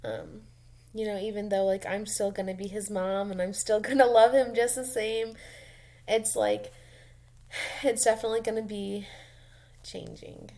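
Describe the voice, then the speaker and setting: A young woman, a mom, talking casually and emotionally in a personal vlog, rambling with many ums and soft laughs. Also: mid-range voice, moderate pace, pauses often. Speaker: mom vlogger.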